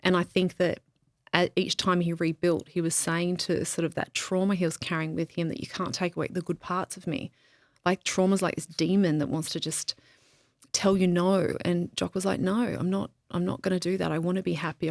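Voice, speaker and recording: A grieving woman speaking candidly as a podcast guest in a reflective interview, searching for words with pauses and restarts. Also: on the low side, flat delivery, vocal fry, no room sound, clean studio sound.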